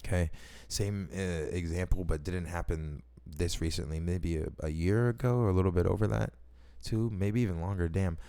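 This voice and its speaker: A man telling personal stories in a casual, rambling way, excitable and slangy, swearing often and restarting his sentences. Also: deep voice.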